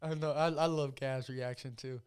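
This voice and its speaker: A man's voice: mid-range voice, steady tone, moderate pace, darkish tone, clean tone. A man in his twenties hosting a casual podcast chat, talking in a profane, hyped-up, rambling way. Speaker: podcast host and amateur fighter.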